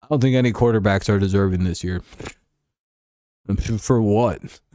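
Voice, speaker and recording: A man's voice: on the low side, normal speed, warm tone, a little hiss or hum. A man chatting casually on a livestream about sports, rambling, swearing and chuckling as he answers his chat. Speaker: streamer.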